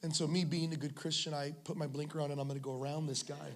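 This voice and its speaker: A man's voice: on the high side, level tone, fast talker. A male pastor preaching a sermon, telling humorous stories and joking with the congregation. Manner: humorous storytelling, jokes with the congregation. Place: church service in a school venue.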